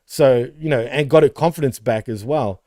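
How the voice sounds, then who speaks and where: Mellow-voiced man in casual podcast chat. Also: medium pitch, normal speed, no room sound, clean studio sound. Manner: laid-back, swears freely, laughs often. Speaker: podcast co-host.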